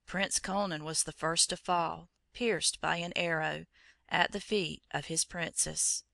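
A narrator reading a storybook chapter aloud in a measured, even storytelling manner. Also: mid-range voice, vocal fry, no room sound.

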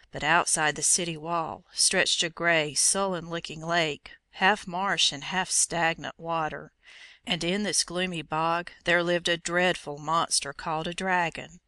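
A woman reading an old fairy tale aloud in a measured, expressive storytelling manner. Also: on the low side, dry recording. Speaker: narrator.

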